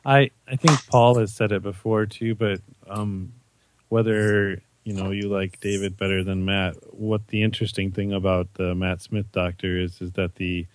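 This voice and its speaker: A man co-hosting a podcast, talking in a relaxed, hesitant way with many fillers. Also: low voice, moderate pace. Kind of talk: casual chat.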